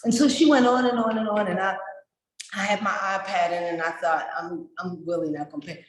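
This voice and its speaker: A woman in her forties, a summit speaker, telling a story with animated passion. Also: medium pitch, brisk. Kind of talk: storytelling remarks at a virtual summit. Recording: echoey room.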